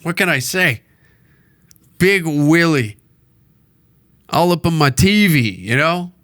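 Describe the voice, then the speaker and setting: A man rants on his own podcast with a rambling, profane, joking delivery. His voice sits a bit high for a man and has a bright, tense edge. The sound is dry and close, with no room in it. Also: lively intonation, slow pace, dry recording. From Canada. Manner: profane, rambling, jokey and blunt. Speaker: podcast host. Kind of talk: solo podcast rant. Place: alone in a small recording room.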